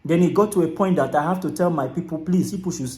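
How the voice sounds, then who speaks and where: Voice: mid-range voice, fast, mellow. A speaker with a Nigerian accent from Akwa Ibom, giving casual advice straight to camera. They repeat phrases, say "all right" often and slip into pidgin. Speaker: content creator. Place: small closed room indoors. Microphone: camera mic, no clip-on mic. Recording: echoey room, camera mic.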